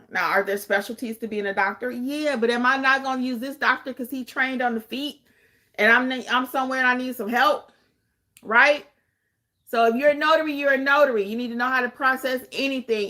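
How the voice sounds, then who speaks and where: A woman's voice: on the high side, sharp tone. A woman hosting a livestream, chatting with viewers and driving points home by repeating them. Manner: emphatic, repeats points for effect. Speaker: podcast host and notary trainer. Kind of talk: livestream chat answering viewer questions.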